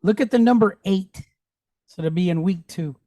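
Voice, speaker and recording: A man's voice: high voice, moderate pace, warm tone, dry recording. A man teaching a Hebrew class, patiently drilling sounds and checking that students follow. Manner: patient, checks understanding often; drills pronunciation aloud.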